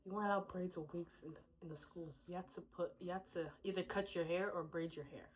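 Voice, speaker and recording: A woman's voice: on the low side, steady tone, fast, a crowd in the background, poor audio. A young woman hosting a casual storytime chat with her cousins, talking freely and acting out quotes. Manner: chatty, laughing often, acts out quotes. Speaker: host.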